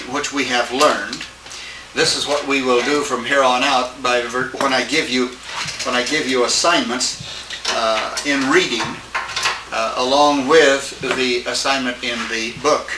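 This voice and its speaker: A man teaching a Greek class, lecturing haltingly and often checking with his students. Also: medium pitch. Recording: echoey room, distant mic, faint hiss.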